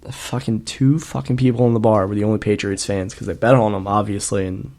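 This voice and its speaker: A man's voice: lowish voice, steady tone, fairly quick, darkish tone. A man co-hosting a podcast in casual chat, telling rambling, profane stories and laughing often. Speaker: podcast co-host.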